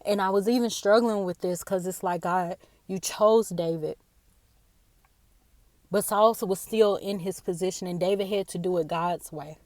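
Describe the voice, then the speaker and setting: A woman giving a personal devotional talk, earnest and halting, often repeating her words, tearful after a day of crying. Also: on the low side, a little mellow, no room sound. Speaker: faith speaker.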